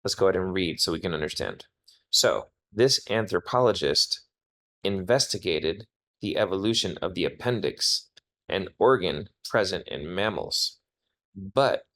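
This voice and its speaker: A man's voice: low voice, a bit bright. A man working as an SAT tutor, talking through test questions step by step in a test prep walkthrough. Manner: explanatory, talks through reasoning step by step.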